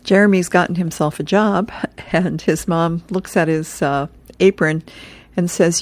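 A woman radio host reading an advice column and comic strips, with a chuckling, relaxed manner. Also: fairly low pitch, a little slow, no echo.

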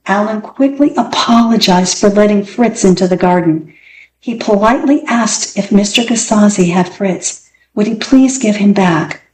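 A woman narrating a children's storybook aloud with expressive, dramatic delivery. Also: lowish voice, slight background noise. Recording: echoey room, faint ambience.

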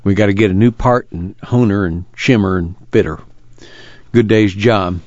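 A man voicing a steady, practical young farm man with a calm, dry rural drawl. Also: fairly low pitch, moderate pace, no echo, natural voice. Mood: matter-of-fact. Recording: dull lo-fi recording.

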